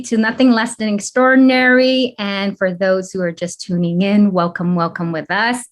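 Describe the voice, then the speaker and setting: Gushing, upbeat woman podcast host; effusive interviewer who laughs easily. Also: on the low side. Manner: bubbly, effusive, laughs often.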